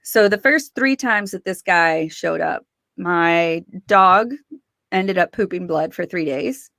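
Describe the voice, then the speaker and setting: A woman, a guest in an interview, telling her story in a lively way and acting out the voices of people she quotes. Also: lowish voice, takes it slowly, gravelly, dry recording, studio quality. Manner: animated, acts out quoted voices, laughs often.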